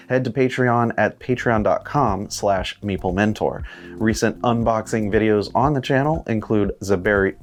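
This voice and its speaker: Male host for a news roundup, steady scripted read, low voice. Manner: steady read-aloud delivery.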